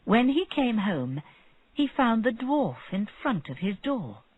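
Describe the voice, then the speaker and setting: Slow husky narrator reading an easy story, lively pitch, tinny dry audio. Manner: slow, clear storytelling for learners. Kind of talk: slow graded-reader narration. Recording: narrow phone-like sound.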